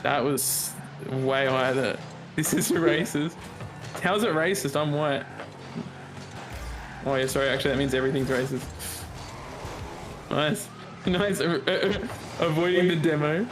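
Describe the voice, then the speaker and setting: A man giving excited, joking commentary while playing a game with a friend, throwing in mock-British slang. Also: fairly high pitch, unhurried, pauses often, music in the background. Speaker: gamer streaming with a friend.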